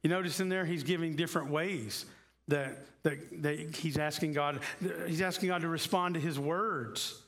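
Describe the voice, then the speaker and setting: A man preaching a conversational sermon who tells stories and sometimes drops to a hushed voice for emphasis. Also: on the high side. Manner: slows down on key phrases. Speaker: pastor.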